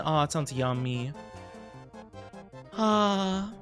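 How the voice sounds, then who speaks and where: A man's voice: sits high, animated, takes it slowly, pauses often, a bit bright, faint music behind. A bubbly, giggly young man chatting casually with his live-stream audience. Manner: bubbly and giggly, talking straight to chat.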